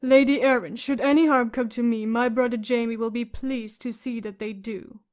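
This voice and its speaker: A man's voice: extremely high pitch, fairly even intonation, moderate pace. A woman voicing a bitter, sarcastic male dwarf lord held prisoner, in an audiobook reading. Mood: defiant. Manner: biting sarcasm.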